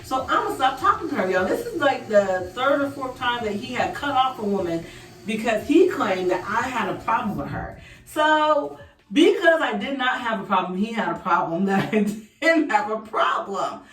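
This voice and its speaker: A woman's voice: on the high side, expressive, normal speed. A young woman, chatting animatedly with viewers while she does her makeup in a storytime vlog. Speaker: beauty vlogger. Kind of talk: casual storytime chat while doing makeup. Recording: echoey room, voice a bit distant. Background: faint background music.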